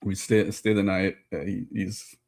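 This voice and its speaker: A man with a somewhat low voice co-hosts a podcast. He tells a story casually and haltingly, stumbling over and repeating his words. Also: level tone, vocal fry, darkish tone. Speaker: podcast co-host.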